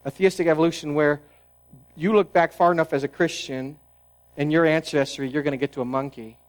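Male pastor, fairly high voice, earnest sermon delivery, falls quiet for emphasis. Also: fairly even intonation, brisk, poor audio. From New England, United States. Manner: earnest preaching with restarts and sudden drops to a hushed tone.

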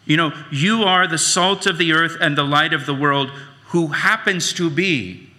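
A man preaching a sermon as pastor, slow and emphatic, repeating his key phrases. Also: a little high, sharp tone, long reverb tail.

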